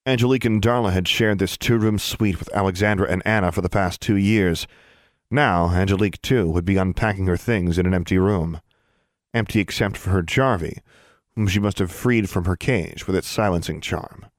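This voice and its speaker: Low-voiced male audiobook narrator. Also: moderate pace, no echo, clean studio sound. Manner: steady, even storytelling.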